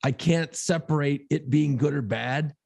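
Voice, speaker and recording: A man's voice: on the high side, unhurried, creaky, darkish tone, no echo. A man co-hosting a podcast, chatting casually about movies in a rambling, easygoing way with casual swearing. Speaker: podcast co-host.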